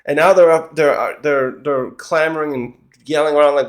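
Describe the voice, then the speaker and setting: A man with a slightly higher voice talks through a comic chapter in a loose, chatty way. He stumbles and restarts often and chuckles to himself as he goes. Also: steady tone, normal speed. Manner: rambling, with frequent restarts and chuckles. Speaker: manga reviewer. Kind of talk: casual chapter recap.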